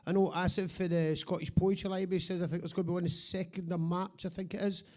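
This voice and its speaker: A man's voice: high voice, level tone, fast talker, a little mellow. A man hosting a live event, hesitant, with lots of fillers between his words. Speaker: host. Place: live venue.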